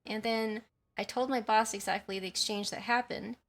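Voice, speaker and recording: A woman's voice: medium pitch, fairly even intonation, normal speed. A woman livestreaming from home, casually telling a story and stopping to read and answer chat messages, often apologizing. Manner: chatty, apologetic, reads chat aloud. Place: at home by a window.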